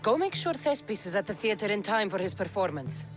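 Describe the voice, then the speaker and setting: An actress playing a composed female warrior mercenary, calm and terse. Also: mid-range voice, brisk, music in the background, lightly acted.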